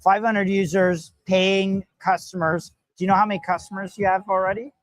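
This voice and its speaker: Upbeat male live-stream host, chatty and quick to react, dry close mic. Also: high voice, flat delivery, fairly bright tone, dry recording. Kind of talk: casual live-stream interview. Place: hackathon event floor.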